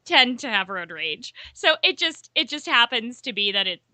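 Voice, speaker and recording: A woman's voice: a little high, sing-song, moderate pace, bright, forceful tone, dry recording. A woman co-hosting a podcast in casual chat, talkative, laughing often and explaining with statistics. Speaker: podcast co-host.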